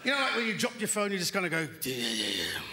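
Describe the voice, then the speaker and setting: A man in his fifties from Britain doing animated stand-up comedy in a large theatre, breaking into shouts and sung lines. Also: sits high, racing. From United Kingdom. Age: 50s. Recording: theatre hall, audience noise. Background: crowd laughter.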